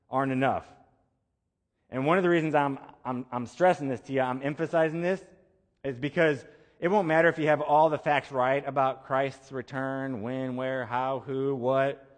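A male pastor preaches a sermon in an easy, conversational way, hammering points home by repeating phrases. His voice sits at an ordinary middle pitch. It carries a long reverb, as in a large hall. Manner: conversational preaching with emphatic repetition.

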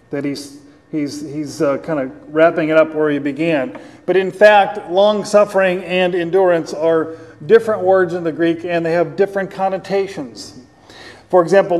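A man preaching a sermon as pastor, teaching earnestly with pauses and repeated phrases, and slowing down to read scripture aloud. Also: on the high side, darkish tone. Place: church. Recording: long hall reverb.

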